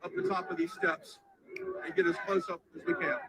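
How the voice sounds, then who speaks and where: A man reporting live from a crowd outdoors, talking in halting, breathless bursts as he reacts on the spot. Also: very high-pitched, very animated, gravelly. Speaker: field reporter. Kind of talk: live on-scene news commentary. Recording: noisy outdoor crowd recording.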